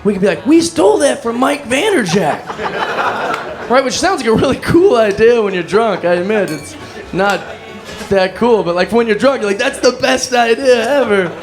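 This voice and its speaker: Comedian, male, high voice, rambling self-mocking storyteller, music behind. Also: very animated, normal speed. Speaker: stand-up comedian. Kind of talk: stand-up storytelling.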